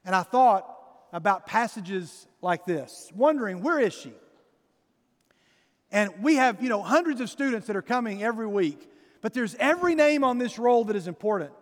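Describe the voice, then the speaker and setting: Male pastor, high-pitched, animated storyteller, church hall with long reverb. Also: moderate pace. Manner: storytelling, animated, acts out voices in his story. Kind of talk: sermon. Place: church sanctuary.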